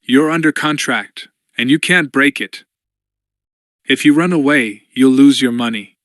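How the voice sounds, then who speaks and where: A man voicing a weary, anxious young woman who speaks softly and hesitantly in an audiobook. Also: mid-range voice, a little slow, dry recording, studio quality, natural voice. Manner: soft, pleading, uncertain.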